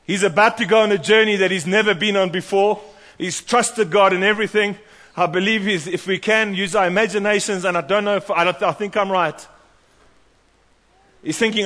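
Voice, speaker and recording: High-voiced preacher in a hall. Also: male voice, brisk. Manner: animated, storytelling preacher who acts out voices. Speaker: pastor. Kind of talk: sermon. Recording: long hall reverb.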